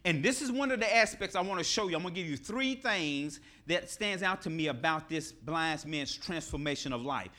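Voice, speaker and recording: A middle-aged preacher, delivering a sermon to his congregation. His voice sits high for a man and swings widely in pitch, bright and forceful. He leans into repetition and acts out the scripture dialogue as he goes. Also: normal speed, few pauses. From Nashville, Tennessee. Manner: animated preaching, acts out scripture dialogue, repeats key phrases.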